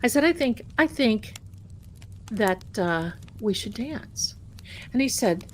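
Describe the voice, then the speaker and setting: Livestream host, woman, slightly high voice, slow and chatty, faint room hum. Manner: chatty, animated, laughing at her own story. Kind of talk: casual storytelling on a livestream. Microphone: desk mic at home.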